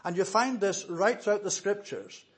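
A man delivers an expository sermon in a slightly high voice. He explains his points steadily and pauses often between phrases. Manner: measured, explanatory, with frequent "uh" pauses. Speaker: preacher.

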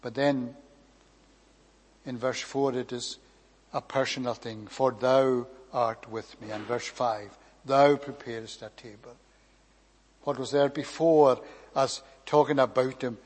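A man preaching a sermon, measured and emphatic, drawing out key phrases and letting line endings fall quiet. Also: mid-range voice, steady tone. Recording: long hall reverb.

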